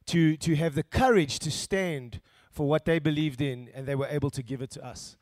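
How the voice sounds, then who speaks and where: A man telling his church testimony at a quick clip, his voice a touch high. The sound is dry and close, with little room around it. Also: dry recording. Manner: fast, heartfelt testimony rising to a loud cheer. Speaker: pastor introducing a guest.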